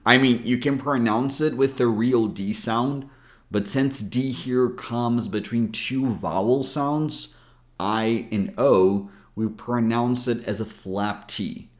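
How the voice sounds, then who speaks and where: A man's voice: medium pitch, slow. A man with an American accent, patiently explaining pronunciation in a recorded video lesson. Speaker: English pronunciation coach.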